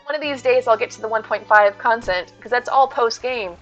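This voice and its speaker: Bright, chatty woman streamer. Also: on the high side, a little fast, faint music behind. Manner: chatty and upbeat, reading and thanking chat. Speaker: live streamer. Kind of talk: casual live-stream chat. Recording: dull lo-fi stream audio.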